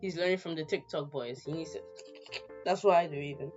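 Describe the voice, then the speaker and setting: Low-voiced woman playing a game. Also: a little fast, lo-fi sound, music in the background. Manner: playful asides with laughter. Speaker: gamer. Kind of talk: let's play, reading a visual novel aloud.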